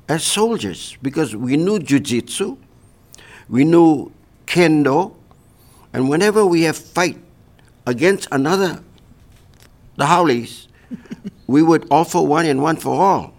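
A man's voice: fairly high pitch, lively intonation, takes it slowly, long pauses. An older man from Hawaii, reminiscing in an oral history interview and tagging his points with "see". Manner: reflective storytelling, tags sentences with "see".

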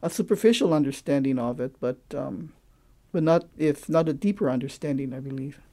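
A man from Hawaii who teaches the local creole, explaining its grammar through examples in a thoughtful, halting way, often pausing to search for words. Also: medium pitch, dark tone.

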